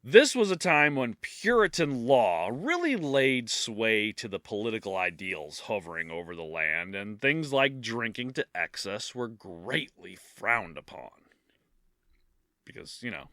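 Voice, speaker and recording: A man co-hosts a casual podcast and reads his notes between loose asides. His voice is bright and edgy and moves up and down a lot. The sound is close and dry. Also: fairly low pitch, expressive, a little slow, no room sound. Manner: laughs often, swears casually. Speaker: podcast co-host.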